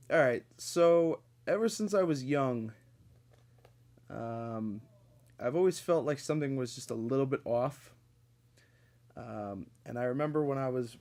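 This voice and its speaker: A man's voice: mid-range voice, a little mellow. A man from Connecticut hosting a podcast, telling stories in a loose, rambling way with lots of fillers and swearing. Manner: profane, rambling, with frequent fillers and laughs. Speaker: podcast host. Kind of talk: casual storytelling monologue.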